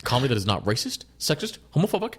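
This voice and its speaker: A man's voice: medium pitch, sing-song, very fast, a bit bright, slightly rough. Rambling, profane male podcast co-host. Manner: rambling and profane, with frequent restarts and laughter. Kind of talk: casual chat.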